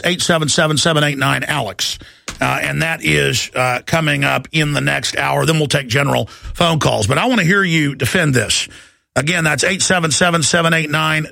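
A man hosting a talk radio show, ranting urgently and often rising to shouts, with heavy repetition. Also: fairly high pitch, moderate pace, vocal fry, no echo, studio quality. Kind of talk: impassioned talk radio monologue.

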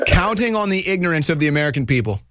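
A man's voice: on the high side, sing-song, racing, fairly bright tone, no echo, studio quality. A man hosting a political talk show, ranting in heated, emphatic outbursts. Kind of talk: fiery political commentary.

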